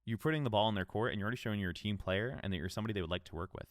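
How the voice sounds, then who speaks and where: Podcast host, male, low clear voice, relaxed coaching talk, dry close mic. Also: racing, no echo. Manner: casual, conversational, upbeat coaching. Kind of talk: solo podcast advice talk.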